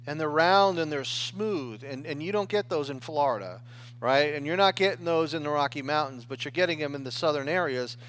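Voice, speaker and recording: A man with a high voice delivers a sermon in an easy, conversational way. He talks the way people do in everyday speech, restarting phrases and often pausing to check in with his listeners. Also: fairly bright tone. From United States. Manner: conversational preaching with frequent "right?" and restarts. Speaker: pastor.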